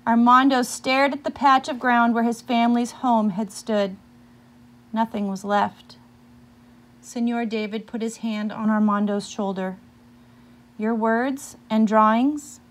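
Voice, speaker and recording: A woman reading a picture book aloud, pausing now and then to ask her listeners questions about the story. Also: fairly high pitch, steady tone.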